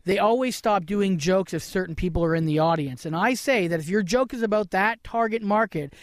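A high-pitched man, a stand-up comedian, talks shop in blunt, profane casual chat. The recording is dry and close, with no room sound. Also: a little fast, dry recording.

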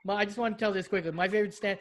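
A man in casual chat, jumping in with quick remarks and laughter. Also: high-pitched, steady tone.

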